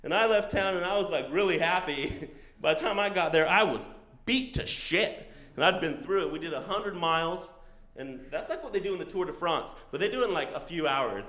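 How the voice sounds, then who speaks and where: A man's voice: fairly high pitch, expressive, fairly quick, bright, forceful tone, echoey room. A man telling a true story at a live storytelling show, casual and profane, acting out other people's lines. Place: comedy stage before a live audience.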